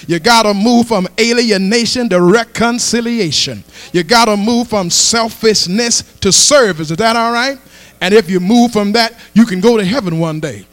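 A man preaching a sermon as pastor, rising into shouted and half-sung call-and-response lines, recorded in a church with a mains hum. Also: high voice, normal speed, no echo. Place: church sanctuary.

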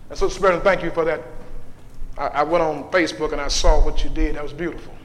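A man preaching a call-and-response sermon in a church, building into chanted shouting. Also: on the high side, steady tone, fast, slight background noise. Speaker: pastor. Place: church sanctuary. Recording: echoey church hall with long reverb.

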